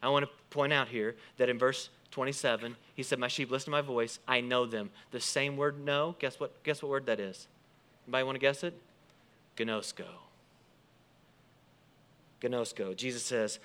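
A man preaching a sermon, quoting scripture and explaining it with lively emphasis that rises and falls. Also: mid-range voice, moderate pace. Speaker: pastor.

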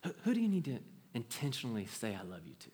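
A man's voice: medium pitch, huge pitch swings, fast talker, mellow. A man in his thirties preaching a sermon to a congregation, earnest and conversational, with frequent restarts. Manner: earnest, storytelling with acted quotes, conversational restarts. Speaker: pastor.

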